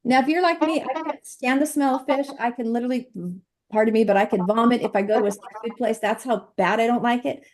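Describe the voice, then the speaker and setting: A middle-aged woman giving a chatty, animated nutrition presentation over slides, laughing often. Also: a little high, fast talker.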